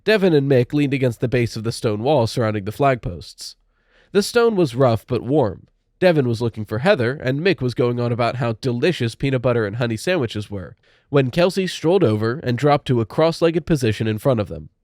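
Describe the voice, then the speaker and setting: A man narrating a spooky young-adult audiobook in a steady, measured way. His pitch sits in an ordinary middle range. The recording is dry and close, with no room sound. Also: no room sound.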